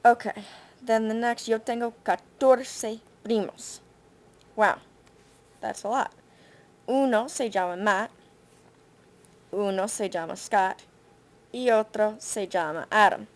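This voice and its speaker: A woman Spanish teacher, recording patient spoken feedback on a student's essay, thinking aloud with frequent pauses and fillers. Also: mid-range voice. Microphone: computer mic for screen recording.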